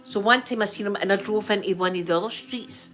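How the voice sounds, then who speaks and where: A middle-aged Scottish woman hosting her channel, telling a story in an animated, chatty, colloquial way. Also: medium pitch, fast talker, soft background music. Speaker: channel host. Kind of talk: storytelling chat.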